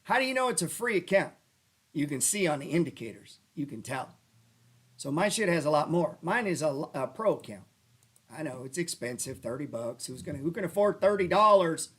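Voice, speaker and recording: Guy going off about stock charts, swears a lot, talks kinda high, rambles. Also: very animated, a little fast, slightly rough. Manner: rambling, profane, swings into loud rants. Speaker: stock trading show host. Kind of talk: casual livestream chat over stock charts. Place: lives in New Orleans.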